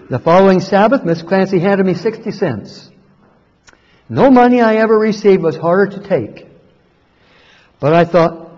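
A pastor earnestly narrating his own story with a high, lively voice. A husky edge runs through his speech. The recording is dull, with a long reverb hanging behind it. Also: normal speed, long pauses. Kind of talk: first-person storytelling.

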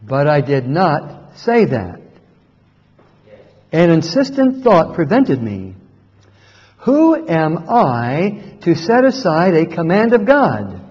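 A pastor earnestly narrating his own story with a high, lively voice. A husky edge runs through his speech. The recording is dull, with a long reverb hanging behind it. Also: slow pace. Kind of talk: first-person storytelling.

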